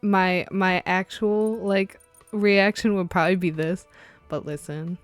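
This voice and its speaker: A woman with a fairly low voice reads a visual novel aloud, mixing narration with lively, sarcastic side comments. Faint game music plays quietly underneath her. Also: a little slow, no echo. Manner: animated, sarcastic asides between narration. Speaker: let's play streamer.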